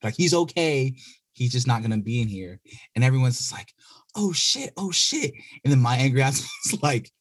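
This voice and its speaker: A young man co-hosting a podcast, telling stories in slangy casual chat with quick bursts and laughing asides. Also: medium pitch, a little mellow, dry recording. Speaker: podcast co-host.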